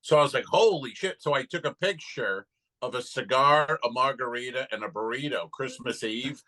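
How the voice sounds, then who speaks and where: A man's voice: medium pitch, moderate pace, sharp tone, low-quality recording. A man co-hosting a comedy podcast, chatting casually and telling profane, loose stories with acted-out quotes. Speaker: podcast co-host.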